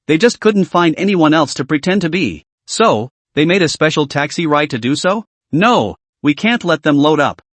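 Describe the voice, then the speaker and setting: A man's voice: a little high, dry recording. A man reading as a blunt, chatty taxi driver. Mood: incredulous. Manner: chatty, skeptical, rambling. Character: blunt talkative middle-aged male taxi driver. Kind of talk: scripted story narration.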